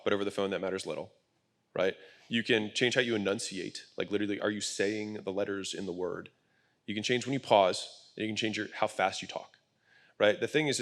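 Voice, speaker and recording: A man with a slightly low voice explains his points bluntly on an event stage. He talks in a casual, emphatic way and swears now and then. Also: fairly bright tone. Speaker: guest speaker at a business event. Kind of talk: conversational panel talk. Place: event stage with live audience.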